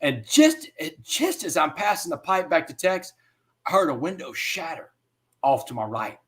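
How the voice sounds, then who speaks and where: A man giving an interview. He tells a personal story in an animated way and often says "man.". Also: on the high side, normal speed. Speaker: interview guest.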